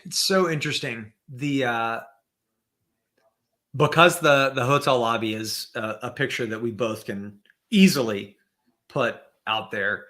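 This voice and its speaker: Male guest, bright clear tone, reflective pace, lots of "uh" and restarts, video-call sound. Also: medium pitch. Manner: thoughtful, halting with many fillers and restarts. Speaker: podcast guest. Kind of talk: casual conversation.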